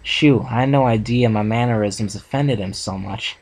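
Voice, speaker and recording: A man voicing an earnest, heartbroken female farm pony, reading her lines gently in a plain voice. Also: fairly low pitch, moderate pace, poor audio. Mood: sad, tearful.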